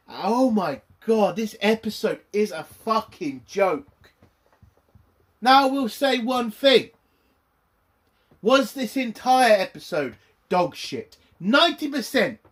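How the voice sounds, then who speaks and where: Angry male online reviewer, high-pitched, unhurried, profane ranting delivery. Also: fairly bright tone. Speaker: YouTube reviewer.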